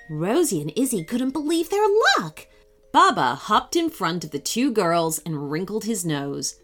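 A woman hosting a children's story podcast, reading in a bright, lilting way. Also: medium pitch, sing-song, unhurried, soft background music.

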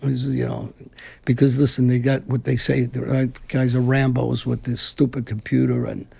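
A man's voice: mid-range voice, flat delivery, normal speed, gravelly, mellow, slightly rough. A middle-aged man from Brooklyn, giving a blunt, combative interview and rambling with restarts. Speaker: interview guest. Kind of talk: heated conversational interview.

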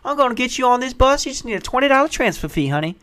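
A woman's voice: high voice, very animated, racing, fairly bright tone, voice pushed up. A man voicing a sweet, motherly old woman at a ticket counter who soothes a panicked traveler. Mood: soothing. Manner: soothing, motherly, calls you honey.

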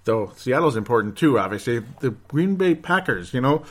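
A man's voice: medium pitch, very animated, normal speed. A man hosting a sports show alone, talking casually, sarcastic and rambling, with mock outbursts. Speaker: sports podcast host. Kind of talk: casual solo sports commentary.

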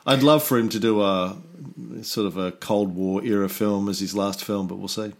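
A man's voice: on the low side, steady tone, normal speed. A man hosting a podcast in casual chat, rambling and laid-back, swearing now and then. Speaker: podcast host.

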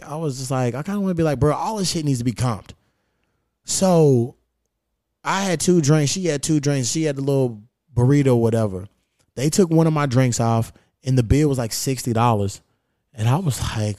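A man hosting a podcast, telling stories in a profane, animated way with quoted back-and-forth. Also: mid-range voice, fairly quick, no room sound, studio quality. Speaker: podcast host. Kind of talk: casual chat, storytelling.

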